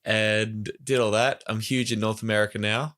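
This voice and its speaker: Man, bright forceful tone, jokey, swears a lot, comedic podcast chat. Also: fairly low pitch, little pitch movement, normal speed. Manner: jokey, swears freely, puts on silly accents. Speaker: podcast co-host. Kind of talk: casual comedic political chat.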